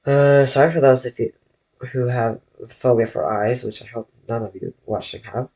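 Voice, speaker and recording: Here a man with a darkish, mid-range voice draws on a live stream from his bedroom. It's casual chat: slow and rambling, full of self-corrections, aimed at his chat.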